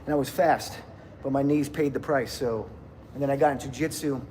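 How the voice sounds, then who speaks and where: A man's voice: mid-range voice, fairly even intonation, a little fast, darkish tone. Rambling man in his fifties, noisy gym. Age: 50s. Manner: rambling, laughs often, greets chat viewers. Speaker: livestreamer. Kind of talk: casual livestream chat.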